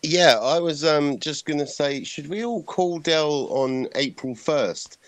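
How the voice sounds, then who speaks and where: A man guesting on a live stream, pitching joke ideas in a playful way. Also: animated, a little slow, no room sound. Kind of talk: casual live-stream chat.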